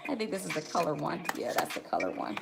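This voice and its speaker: This middle-aged makeup livestream host has a low voice with vocal fry and wildly swooping pitch, and she talks fast. Chatty and casual, she greets viewers by name and addresses "y'all."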